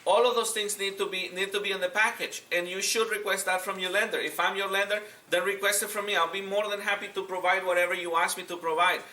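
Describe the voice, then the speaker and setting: A man's voice: high-pitched, steady tone, fast, hardly any pauses, bright, forceful tone, echoey room, distant mic. A man teaching a real estate seminar, speaking directly and often repeating himself as he acts out calls with agents. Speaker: real estate and mortgage instructor.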